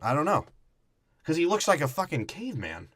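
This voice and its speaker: A man co-hosting a podcast, chatting casually and crudely about a movie, swearing a lot and mocking the characters with low mumbled impressions. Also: sing-song, brisk, fairly bright tone, breathy edge, no echo. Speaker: podcast co-host.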